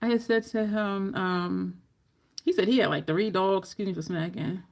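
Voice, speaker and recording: A woman makeup vlogger chatting casually through a tutorial, animated, swearing and laughing as she acts out the people in her story. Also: mid-range voice, normal speed.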